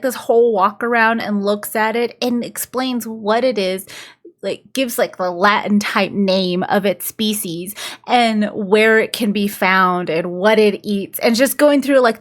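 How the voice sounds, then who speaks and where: A woman casually recapping a book's plot, talking in a loose, chatty way with lots of "like" fillers. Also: on the high side. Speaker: book reviewer.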